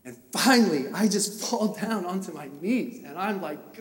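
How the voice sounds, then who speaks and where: A man preaching a sermon through a personal story, talking with emotion that swells into impassioned shouting. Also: high-pitched, lively intonation, normal speed, few pauses. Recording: echoey hall, voice from far off.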